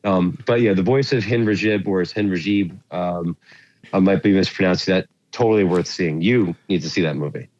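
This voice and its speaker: A man's voice: low-pitched, brisk, darkish tone, muffled recording. A man co-hosting a movie podcast, chatting casually and rambling with lots of fillers as he searches for words. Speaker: podcast co-host. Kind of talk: casual chat about movies.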